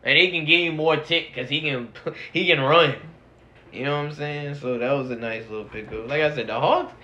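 A man co-hosting a podcast, talking sports in a casual, slangy, excitable way with quick laughs. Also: a little high. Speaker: podcast co-host. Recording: dull lo-fi sound.

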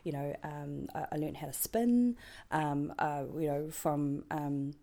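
Low-voiced New Zealand woman, rambling. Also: unhurried, mellow. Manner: rambling, full of ums and restarts; chatty, laughs at her own jokes. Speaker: guest. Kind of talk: casual interview chat.

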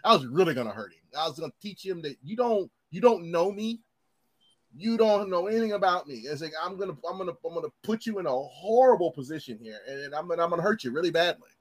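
A man's voice: high voice, fast talker. A man in casual chat, telling heated stories with lots of profanity and acting out the people he quotes. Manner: animated storyteller, profane, acts out quoted voices.

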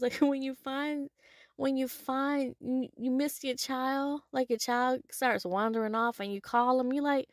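A woman hosting a solo podcast, talking in an animated, casual way with some swearing, swinging from loud to soft. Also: a little high, unhurried, no room sound, studio quality. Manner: casual, with profanity and y'all. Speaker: podcast host. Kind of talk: solo motivational podcast monologue.

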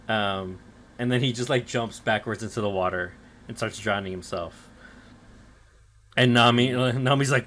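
A man's voice: medium pitch, moderate pace, a bit bright, a little hiss or hum. A man co-hosting a podcast, retelling anime episodes in loose casual chat full of fillers, swearing and acted-out character lines. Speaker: podcast co-host recapping anime.

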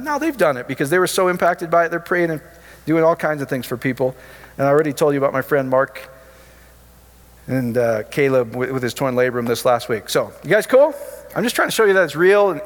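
In an informal sermon full of testimonies, a man with a fairly high voice tells healing stories in a chatty, joking manner, tossing in jokey asides. His voice carries a long reverb tail.

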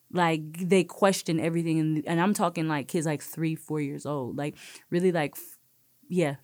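A woman's voice: on the low side, darkish tone, no room sound, studio quality. A young woman hosting a podcast, chatting casually and telling stories with lots of "like" and "you know". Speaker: podcast host. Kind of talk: casual chat.

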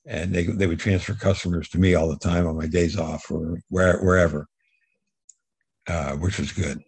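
Low gravelly man telling a story. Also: steady tone, normal speed, no room sound. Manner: rambling anecdotal storyteller, repeats words. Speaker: guest telling his life story. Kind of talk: casual storytelling interview.

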